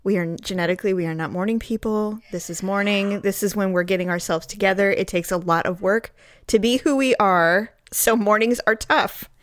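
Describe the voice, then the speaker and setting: A woman's voice: mid-range voice, moderate pace, no echo. Groggy woman co-host in casual chat. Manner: blunt, chatty, laughs often. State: groggy morning voice with allergies. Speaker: podcast co-host.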